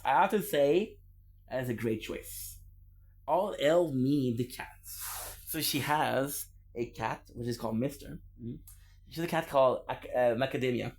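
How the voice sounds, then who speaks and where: A young adult man chatting casually on a gaming stream, rambling and playful, laughing often. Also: mid-range voice.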